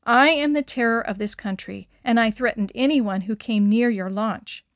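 A woman voicing a rough male bandit with a toothache, humbled and pleading in a read-aloud story. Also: on the high side, normal speed, no echo, studio quality, lightly acted.

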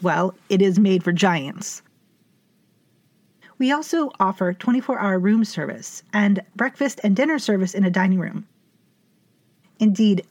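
A woman narrating a story in a measured, formal way with dry wit. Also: mid-range voice, darkish tone, no echo. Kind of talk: scripted fiction narration.

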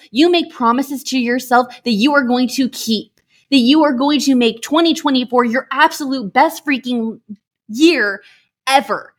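A woman hosting a motivational podcast, talking in a gushing, emphatic way and swearing for emphasis. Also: high-pitched. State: emotional, near tears. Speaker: podcast host.

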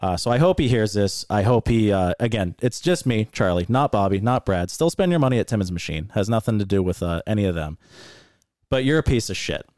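Male podcast co-host, heated profane storyteller, lively pitch, dry sound. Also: fairly quick, no echo. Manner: angry, profane, animated storytelling. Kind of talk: casual storytelling rant.

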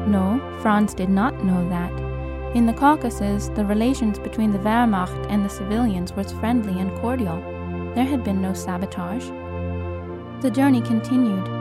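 A woman narrating an audiobook in a measured, expressive way. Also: medium pitch. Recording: narration over film score.

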